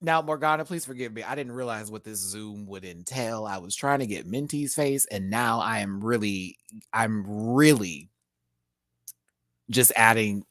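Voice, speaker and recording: A man's voice: fairly low pitch, fairly bright tone, no echo, studio quality. A man giving a casual live review, campy and sassy, who laughs often between his remarks. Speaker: YouTube drag show reviewer.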